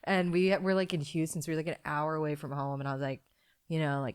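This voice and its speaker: A young woman with a low-pitched voice tells stories on a podcast. Her talk is loose and sweary, full of fillers. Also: fast talker, clear, resonant tone. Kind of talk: casual storytelling chat.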